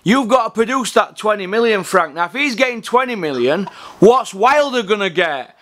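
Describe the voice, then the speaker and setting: Sweary, ranting man, high voice. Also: expressive, moderate pace, a bit bright. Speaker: podcast host. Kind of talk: profane boxing rant.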